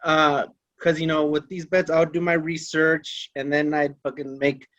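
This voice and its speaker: A man's voice: fairly high pitch, flat delivery, moderate pace, fairly bright tone, no room sound. A man in a casual podcast chat, defensive and swearing heavily. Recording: dull lo-fi mic.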